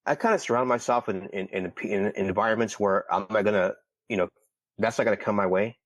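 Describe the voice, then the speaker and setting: A man's voice: on the low side, fairly quick, dry recording. A man from California, a podcast guest, telling a personal story casually, stumbling and repeating words. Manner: repeats words, heated when retelling.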